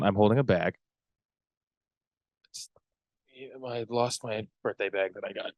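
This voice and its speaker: A man's voice: lowish voice, no echo. Rambling young man on podcast. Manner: rambling, halting. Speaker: podcast co-host. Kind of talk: casual podcast chat. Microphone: close podcast mic.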